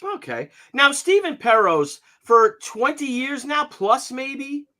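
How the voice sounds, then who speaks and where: A man's voice: very high voice, takes it slowly. A man in his fifties hosting a casual live stream, joking and telling anecdotes. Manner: jokey, animated, tells gags and anecdotes. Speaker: stream host.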